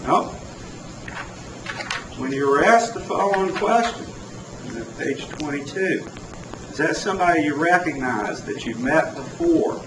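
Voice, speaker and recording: A man's voice: on the high side, big pitch swings, moderate pace. A man cross-examining a witness in a courtroom, asking pointed, pressing questions. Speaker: defense attorney. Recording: echoey courtroom audio from far off, with noise.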